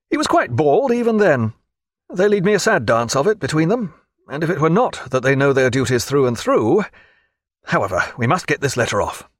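A man's voice: on the high side, dry recording, studio quality, pitched above the performer's own voice. A man reading a formal, reserved naval captain. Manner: formal, courteous.

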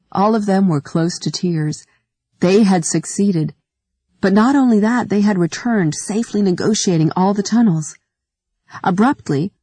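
A woman reads an audiobook aloud in a measured, even manner, her voice fairly low-pitched. The scripted narration has no echo.

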